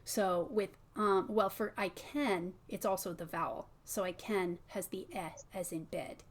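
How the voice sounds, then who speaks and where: A woman coaching pronunciation one on one, patient and softly modeling sounds. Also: medium pitch, unhurried.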